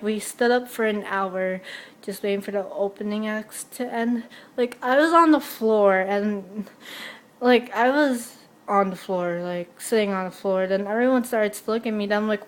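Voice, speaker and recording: A teenage girl excitedly telling a personal story, full of "like" and "I'm like". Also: medium pitch, slight background noise. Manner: bubbly, lots of 'like' and 'I'm like'. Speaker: vlogger.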